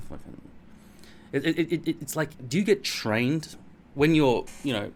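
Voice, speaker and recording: A middle-aged man with an Australian accent talks straight to camera at home, wandering from one thought to the next. He is blunt and self-mocking and swears without a second thought. His pitch sits in the ordinary middle for a man. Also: animated, moderate pace, slight background noise. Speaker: vlogger. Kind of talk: casual rambling monologue to camera.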